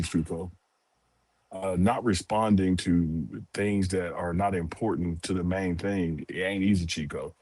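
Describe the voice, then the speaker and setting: A man co-hosting a casual sports talk show, speaking in a relaxed, steady way. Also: deep voice, breathy edge, dry recording. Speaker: co-host.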